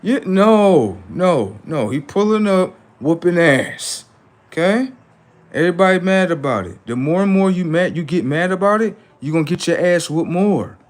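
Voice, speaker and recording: A man with a somewhat high voice rants on his livestream in a preachy, combative tone. He argues with viewers in the chat in loose slang. He jumps from loud outbursts down to low muttering. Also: animated, normal speed. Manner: preachy, confrontational, slangy, talks back to chat. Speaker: livestream host. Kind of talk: casual livestream rant.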